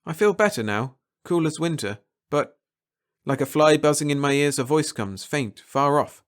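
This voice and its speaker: Expressive man reading a story. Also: a little high, moderate pace. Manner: expressive, swinging from hushed to excited. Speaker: audiobook narrator. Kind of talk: dramatic first-person story reading.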